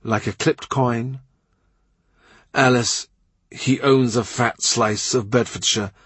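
A man voices a calm, shrewd older statesman who speaks low and soft, measured and dryly amused. The tone is husky and close, and he sits a little below the narration. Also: no echo.

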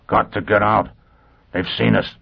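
A hulking hunted man who croaks and mutters with desperate urgency, voiced by a man narrating. His voice sits low. The sound is tinny, like a phone line. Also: fairly even intonation, unhurried, heavily acted. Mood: urgent.

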